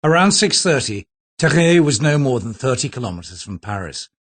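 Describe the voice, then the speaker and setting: Husky male audiobook narrator. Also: mid-range voice, very animated, brisk, fairly bright tone. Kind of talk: scripted narration.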